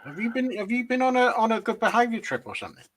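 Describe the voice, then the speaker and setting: A man teasing his co-host with quick quips during casual live-stream chat. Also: very high voice, big pitch swings, poor audio.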